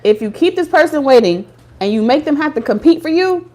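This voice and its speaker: A woman's voice: sits high, expressive, a little fast, a little mellow. A woman doing a casual tarot reading for viewers, talking bluntly with slang and profanity. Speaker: tarot reader.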